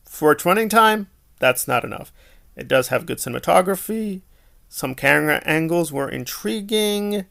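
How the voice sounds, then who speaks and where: A man's voice: high voice, gravelly, a bit bright. A man giving a casual, opinionated film review, exasperated and sarcastic, full of rhetorical questions.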